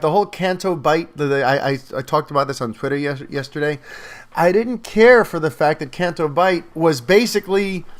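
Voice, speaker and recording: A man giving a casual spoken film review, animated and talkative, with lots of fillers and restarts. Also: fairly high pitch.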